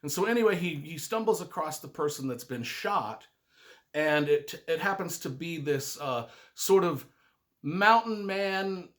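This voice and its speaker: A man's voice: on the high side, animated, measured pace, fairly bright tone. Chatty man reviewing a book. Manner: chatty, enthusiastic retelling. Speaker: book reviewer and writing adviser. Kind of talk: casual spoken book review.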